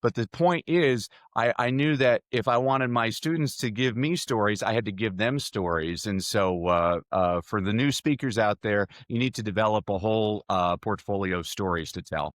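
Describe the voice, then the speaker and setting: A middle-aged man, a speaking coach, telling stories energetically as a podcast guest, his voice jumping up in pitch. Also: moderate pace, few pauses, dry recording. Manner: energetic storyteller with sudden jumps in pitch. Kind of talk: podcast interview answers.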